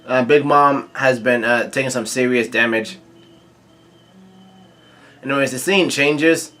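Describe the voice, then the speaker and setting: A man casually recapping a comic chapter, reading out the dialogue in a halting way full of fillers and restarts, with quick asides. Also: mid-range voice, bright, forceful tone. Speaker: manga reaction host.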